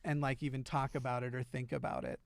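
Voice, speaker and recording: A man's voice: medium pitch, level tone, quick pace, creaky, dry recording, clean studio sound. Hesitant man chatting on a stream. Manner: hesitant, many "uh" and "like" fillers and restarts. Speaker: livestreamer in a played clip. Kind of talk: casual livestream chat.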